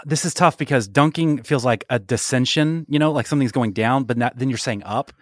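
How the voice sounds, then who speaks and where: A man co-hosts a casual podcast and steers the talk from one segment to the next. He banters playfully, with a level, middle-pitched voice. The sound is dry and close, with no room around it. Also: a little fast, no room sound. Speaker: podcast co-host.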